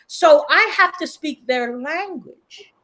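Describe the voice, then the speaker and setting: A woman taking part in a group video conversation, telling a story from her working life with animated, acted-out dialogue. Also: high-pitched, takes it slowly, rough recording. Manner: animated, acts out dialogue in different voices. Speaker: panel guest.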